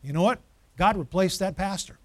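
Pastor, male, high voice, dry sound; quizzes the room, then hammers points home with repetition. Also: normal speed, no echo. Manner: asks the congregation questions, builds to emphatic repetition. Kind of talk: interactive sermon.

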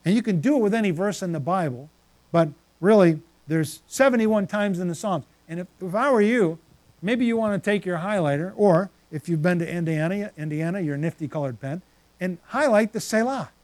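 A man's voice: high voice, lively intonation, normal speed, a little mellow, no echo. A man preaching a sermon, reading scripture passages aloud and then stopping to reflect on them.

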